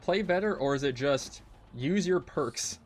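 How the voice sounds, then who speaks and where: A male game streamer with a slightly higher-than-usual voice, talking straight through his play. He rants and grumbles in frustration, and curses come thick and fast. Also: animated. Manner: ranting, frustrated, heavy swearing. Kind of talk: live gameplay commentary.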